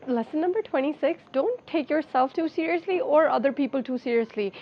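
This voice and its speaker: A woman's voice: high voice, lively intonation, brisk, lo-fi sound, a little hiss or hum. A woman in her twenties giving frank, chatty life advice to camera in a big-sister tone. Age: 20s. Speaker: lifestyle vlogger. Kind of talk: casual advice talk to camera.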